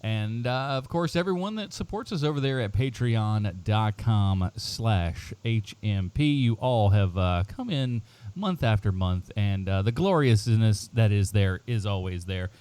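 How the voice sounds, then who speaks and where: A man's voice: fairly low pitch, lively intonation, a little slow, a little mellow, smooth. A middle-aged man hosting a casual podcast, rambling with many fillers and frequent laughter. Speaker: podcast host.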